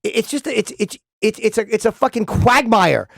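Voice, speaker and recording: A man's voice: high-pitched, animated, moderate pace, creaky, a bit bright, dry recording. A male radio host in casual studio banter, rambling through stammered restarts and swearing freely.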